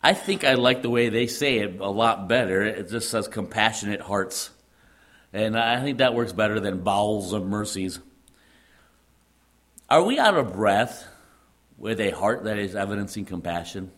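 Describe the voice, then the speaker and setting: A man's voice: on the low side, animated, normal speed, a bit bright. A middle-aged man preaching a sermon, earnest, asking repeated rhetorical questions and leaning hard on stressed words. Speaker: pastor.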